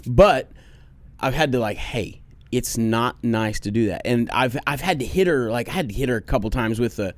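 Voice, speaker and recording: A man co-hosting a podcast, telling family stories in a loose, profane, animated way. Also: mid-range voice, normal speed, no echo. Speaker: podcast co-host. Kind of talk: casual podcast chat.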